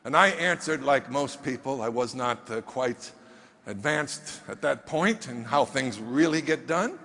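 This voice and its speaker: A man's voice: mid-range voice, lively intonation, measured pace, a bit bright, a little hiss or hum. A man giving a motivational speech from a stage, emphatic and firing rhetorical questions at the audience. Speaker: motivational speaker. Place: stage in a large hall. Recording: reverberant hall.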